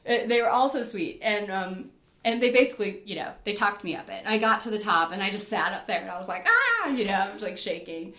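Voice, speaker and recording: A middle-aged woman from New York telling animated, laughing stories about climbing, acting out her own past panic. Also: medium pitch, fast. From Rochester, New York. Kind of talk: casual storytelling. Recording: roomy echo.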